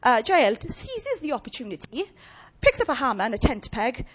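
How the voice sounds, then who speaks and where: A woman preaching a lively, humorous sermon and chatting with her audience. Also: high voice, normal speed, slightly rough.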